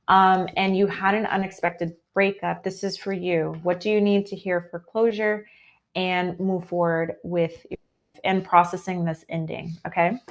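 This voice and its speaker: A woman with an American accent giving a chatty, upbeat live tarot reading, full of "um" and "like". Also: medium pitch. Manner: chatty and upbeat, heavy with fillers like "um" and "like". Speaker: tarot reader.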